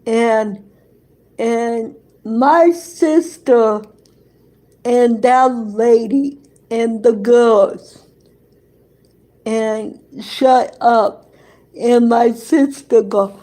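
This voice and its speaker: A woman telling a personal anecdote in casual chat, halting and repeating herself, with loose grammar and frequent laughter. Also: fairly high pitch, steady tone, warm tone. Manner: very slow, halting, repeats words and restarts often; non-standard grammar, dropped verbs and articles. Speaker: storyteller.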